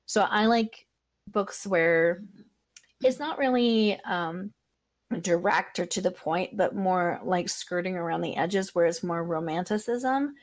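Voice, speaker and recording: A woman hosting a podcast, talking in a relaxed, chatty way with plenty of fillers. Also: lowish voice, slow pace. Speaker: podcast host. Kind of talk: casual podcast chat.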